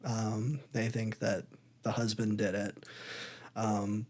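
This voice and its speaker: A man's voice: on the low side, flat delivery, slow pace, a little mellow. A man co-hosting a podcast in casual chat, rambling and wry, hedging as he goes. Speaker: podcast co-host.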